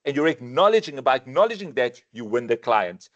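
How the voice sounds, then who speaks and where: A man with a South African accent presenting a sales training webinar, animated and given to repeating his words as he starts a thought. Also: mid-range voice, brisk, muffled recording.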